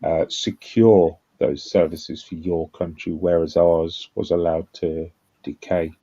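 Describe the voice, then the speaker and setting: Deep, dark-voiced man on dull audio. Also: fairly even intonation, slow pace, husky. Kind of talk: casual chat.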